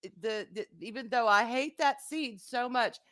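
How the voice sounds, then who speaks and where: A woman's voice: on the high side, normal speed, sharp tone, no echo, clean studio sound. A woman co-hosting a casual live stream from home, laughing often and swearing freely. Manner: laughs often, swears, talks to the audience as y'all. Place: home room with pet kittens.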